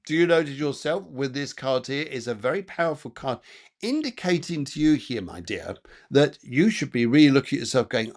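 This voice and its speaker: A man's voice: mid-range voice, expressive, normal speed. A man working as a psychic medium, giving rambling, chatty live card readings with lots of fillers and repeated phrases.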